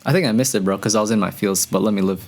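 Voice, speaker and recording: Man, low gravelly voice, casual music reaction commentary, excitable, slangy. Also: rapid-fire. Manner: excitable, slangy, talks to viewers as "bro"; breaks into excited high exclamations.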